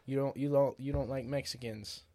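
A man's voice: medium pitch, fairly even intonation, normal speed, mellow, no room sound. American guy podcasting, swears a lot, rambles, dry close sound. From United States. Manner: crude, rambling, laughs often. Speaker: podcast host. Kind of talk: casual chat.

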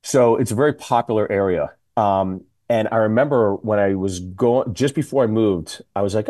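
A middle-aged man spinning comic stories on a talk radio show. His voice sits at an ordinary pitch but has a mellow, dark tone, and he jumps into quoted voices with animated energy. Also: normal speed, few pauses. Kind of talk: casual storytelling chat.

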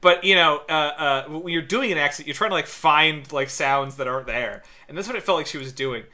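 Bright-voiced man ranting on a podcast. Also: on the high side, fairly quick. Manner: animated, ranting, laughs between words. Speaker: podcast co-host. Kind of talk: casual podcast chat.

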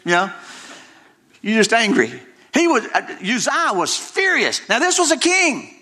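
Male pastor, middle-aged, preaching, emphatic, repeats phrases, folksy asides, high voice, bright tone. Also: big pitch swings, unhurried. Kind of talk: sermon.

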